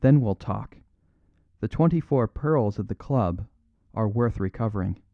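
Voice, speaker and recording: A man's voice: on the low side, expressive, measured pace, dry recording, narrow, tinny audio. A man playing a stiff, commanding older military colonel who speaks in a raucous, harsh undertone and clipped orders.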